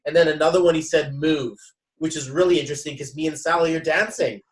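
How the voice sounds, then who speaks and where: Casting note: lively male host, mid-high voice, chatty storyteller, roomy sound from a step back. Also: fast. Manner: animated, quotes others in dialogue, frequent restarts. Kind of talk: casual storytelling. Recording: echoey room, mic at a distance.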